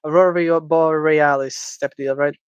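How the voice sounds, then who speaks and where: A man's voice: fairly high pitch, steady tone, a little slow, clear, resonant tone, no echo, highs cut off. A man livestreaming himself drawing, rambling and thinking aloud with stammers, restarts and playful asides. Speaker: livestreamer drawing game creatures. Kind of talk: casual livestream self-talk. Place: indoors at home.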